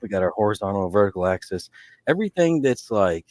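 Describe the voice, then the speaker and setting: Male podcast co-host, deep-ish voice, loose rambling delivery, dry recording. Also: very animated, fast, darkish tone, dry recording. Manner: rambling, full of restarts and fillers. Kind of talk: casual fantasy sports chat.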